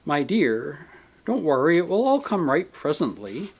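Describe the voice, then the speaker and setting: A man voicing a gentle, patient male spirit who speaks calmly and kindly, reasoning with a grieving soul in an audiobook. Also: on the high side, measured pace, husky, exaggerated voice. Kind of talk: audiobook character reading.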